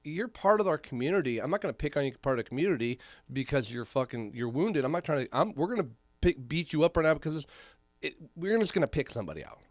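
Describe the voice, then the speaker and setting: A man's voice: on the high side, fast talker, no room sound. A man telling a long story in casual chat as a podcast co-host, swearing often and acting out the voices of the people in it. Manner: animated storyteller, heavy swearing, acts out voices.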